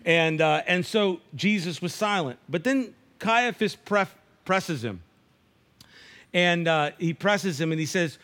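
Casting: male preacher, high voice, conversational sermon delivery. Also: lively intonation, takes it slowly, fairly bright tone. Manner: conversational preaching, acts out dialogue, frequent restarts. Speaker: pastor.

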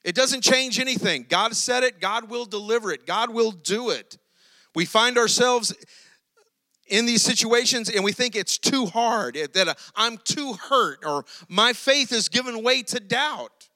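A man preaching with a high, bright and forceful voice. He tells the story with animated energy, like a preacher drawing his listeners in. The sound is close and dry, with little room echo. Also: measured pace. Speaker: pastor. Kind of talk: sermon.

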